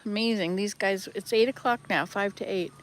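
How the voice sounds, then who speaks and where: An older woman with a medium-pitched voice chats casually at a normal speed in a travel vlog, rambling and correcting herself as she films outdoors beside a hut. She's recorded on a handheld camera, with a bit of hiss or hum in the audio.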